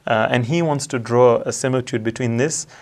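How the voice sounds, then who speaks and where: A man in a religious discussion, quickly reciting Quranic verses in Arabic and then explaining them in English. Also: mid-range voice. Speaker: religious commentator. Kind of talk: discussion analyzing a religious letter.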